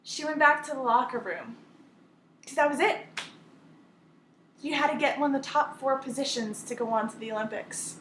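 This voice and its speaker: A woman retelling a story on a team call, talking in an animated way and acting out the voices of the people in it. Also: high-pitched, moderate pace, pauses often, reverberant, slight background noise.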